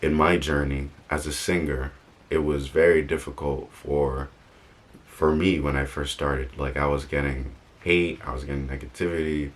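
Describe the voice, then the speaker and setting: A man's voice: extremely low pitch, steady tone, normal speed. A young man talking casually in a vlog, rambling and correcting himself with joking asides. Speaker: vlogger. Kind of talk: casual motivational vlog talk.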